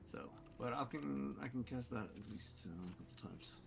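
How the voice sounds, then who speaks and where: A man playing in a tabletop game, thinking aloud quietly and trailing off as he works out a spell. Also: mid-range voice, lively intonation, moderate pace, gravelly. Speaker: player. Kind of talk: casual table talk. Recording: noisy line with background noise.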